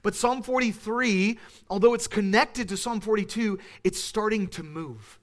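A man with a notably high voice delivers an earnest sermon from the pulpit. He explains scripture steadily, then lifts his voice as he calls out the pleas of the psalm. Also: measured pace. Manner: earnest preaching, voice rising when voicing the psalmist's pleas. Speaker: pastor. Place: church sanctuary.

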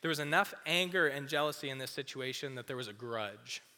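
A young man giving a casual youth sermon as a youth pastor, chatty and full of "like", acting out quick little voices. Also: mid-range voice, expressive, pushed and bright. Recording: long hall reverb.

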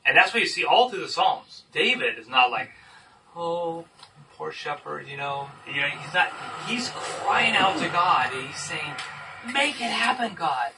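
A man leading a Bible study discussion, explaining scripture in an emphatic, animated teaching manner. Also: on the high side, normal speed, few pauses. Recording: distant mic with faint noise.

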